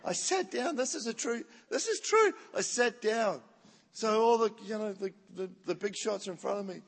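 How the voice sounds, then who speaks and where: A slightly high-voiced man preaches in a story-driven way, lively and laughing as he acts out the people in his tale. His voice rings with a long reverb from the church hall. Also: moderate pace, slightly rough. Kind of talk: storytelling sermon.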